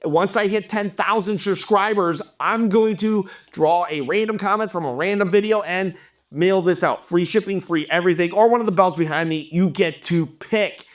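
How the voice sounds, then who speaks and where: A young man hosting a wrestling channel, delivering an animated, exasperated opinion rant to camera. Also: high voice, normal speed.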